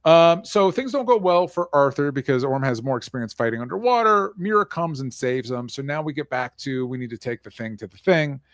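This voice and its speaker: A man hosting a casual movie discussion podcast, rambling and a bit profane with quick asides. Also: medium pitch, lively intonation, no echo, studio quality. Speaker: podcast host.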